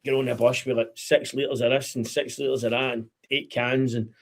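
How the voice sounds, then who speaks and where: A young man with a Scottish accent hosts a casual podcast chat, wandering from story to story. His voice has a gravelly, fry-edged texture at an ordinary pitch. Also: little pitch movement, moderate pace, a little hiss or hum. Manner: rambling, storytelling, laughs often. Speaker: podcast host.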